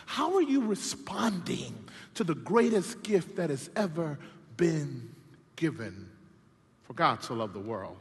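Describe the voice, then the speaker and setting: A male pastor preaching a sermon in an animated, repetitive call-and-response manner. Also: high voice, long reverb tail.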